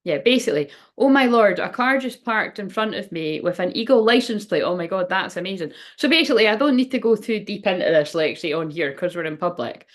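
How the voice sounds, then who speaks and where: A woman's voice: medium pitch, animated, fairly quick, few pauses. A woman reading oracle cards on a casual livestream, chatty and rambling, often exclaiming and laughing at herself. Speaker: tarot and oracle card reader hosting a livestream.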